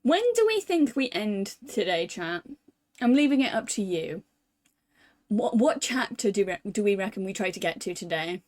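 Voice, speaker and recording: A young woman from the UK chatting casually as a streamer while playing a visual novel, thinking out loud in a self-deprecating way. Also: medium pitch, sing-song, moderate pace. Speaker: VTuber streamer.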